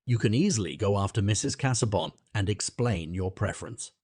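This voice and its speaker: A man's voice: fairly low pitch, expressive, a little fast, darkish tone, no room sound, studio quality. Male narrator as a sarcastic young woman, lightly tremulous, storybook figure. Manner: sarcastic, slightly trembling. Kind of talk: audiobook character reading.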